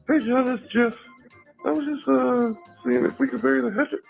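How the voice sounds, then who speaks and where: A man voicing a creepy caller in a halting, hesitant way, full of filler words, as if leaving a voicemail. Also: very high voice, steady tone, vocal fry, faint music behind, pitched above the performer's own voice, exaggerated voice. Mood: sleazy. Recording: tinny phone line.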